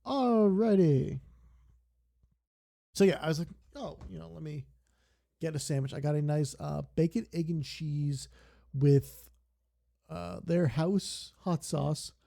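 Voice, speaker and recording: A young man chats casually while streaming a game. He rambles and sidetracks constantly, and his slightly high voice has a gravelly, mellow edge. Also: steady tone, a little slow. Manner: rambling, digressive storytelling.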